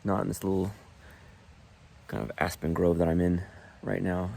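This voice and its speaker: A man talking casually to the camera while backpacking outdoors, rambling and relaxed. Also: sits low, moderate pace, creaky, a little hiss or hum. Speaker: vlogger on a backpacking trip. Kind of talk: casual trail vlog. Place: outdoors in the mountains.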